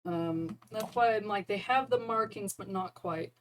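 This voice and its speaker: A woman's voice: mid-range voice, measured pace, slight background noise, poor audio. A woman chatting casually and rambling, often breaking into laughter. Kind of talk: casual chat about neighborhood cats.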